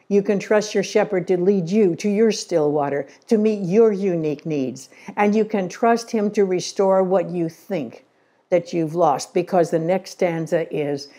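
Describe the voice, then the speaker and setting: A woman's voice: lowish voice, mellow. A middle-aged woman giving a church talk, telling stories earnestly and acting out the quotes. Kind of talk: storytelling sermon.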